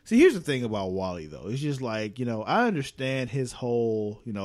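Lively, foul-mouthed man chatting. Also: mid-range voice, brisk, hardly any pauses. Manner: profane, animated, acts out characters' lines in quotes. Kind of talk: casual chat reviewing a TV episode.

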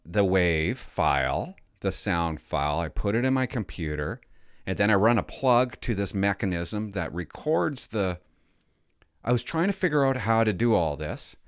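A retired older man vlogs while playing hotline calls, rambling casually to his camera, tripping over words and swearing now and then. His voice sits fairly low, and the recording is dry with a clean studio sound.

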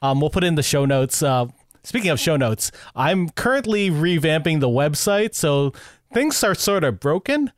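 A man's voice: on the high side, very animated, moderate pace, dry recording, clean studio sound. A man hosting a podcast, chatting casually and cheerfully thanking guests and listeners. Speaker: podcast host. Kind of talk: casual podcast chat and outro.

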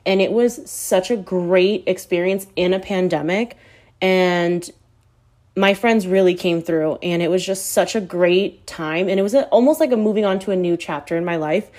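Thirties woman, podcast host, animated confessional storyteller who pokes fun at herself. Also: medium pitch. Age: 30s. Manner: animated, candid, self-mocking storytelling. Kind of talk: casual confessional chat.

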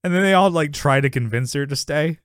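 A man's voice: a little high, brisk, a bit bright, no room sound. Rambling man recapping, laughing often. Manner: rambling, laughs often, acts out characters' lines. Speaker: podcast co-host. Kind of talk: casual chat recapping a sitcom episode.

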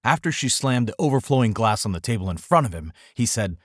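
A man with a low, husky voice narrates a short story. He reads with lively, dramatic ups and downs. The sound is dry and close to the mic. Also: fast, few pauses, dry recording. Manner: expressive, dramatic reading. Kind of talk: audiobook storytelling.

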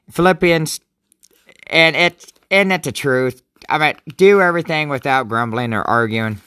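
Lively, rambling man reading scripture. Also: mid-range voice, no echo, studio quality. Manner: rambling, jokey, stumbles over words. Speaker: devotional vlogger. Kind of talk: casual Bible reading and commentary.

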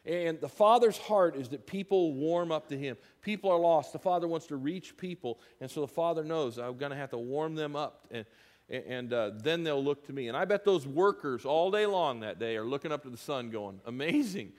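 A man preaching a sermon as pastor, emphatic and animated, rising loud and dropping soft. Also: on the high side, normal speed. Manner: animated, emphatic preaching with big swings in loudness. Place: church sanctuary. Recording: long reverb of a church hall.

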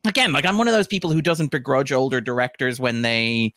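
A man's voice: medium pitch, brisk, fairly bright tone, no echo, clean studio sound. A man co-hosting a podcast, chatting casually and rambling about films, with restarts and laughs while he talks. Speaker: podcast co-host, film fan. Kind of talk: casual chat.

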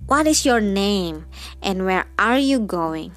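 A woman's voice: mid-range voice, expressive, takes it slowly, faint music behind. A woman voicing a sly, hungry male wolf who speaks with false sweetness and a snarl.

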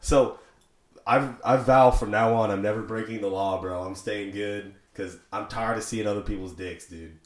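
A man's voice: fairly low pitch, normal speed, reverberant. A man telling crude stories in casual podcast banter, swearing and saying "bro" constantly, in a dim room at home. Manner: profane, storytelling, says bro constantly. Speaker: podcast guest.

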